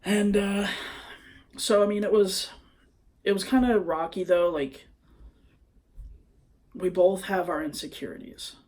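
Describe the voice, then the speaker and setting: A man's voice: high-pitched, fairly even intonation, measured pace, long pauses, darkish tone. A young man vlogging into his phone, telling a personal story in a hesitant, rambling way full of fillers. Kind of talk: confessional personal vlog.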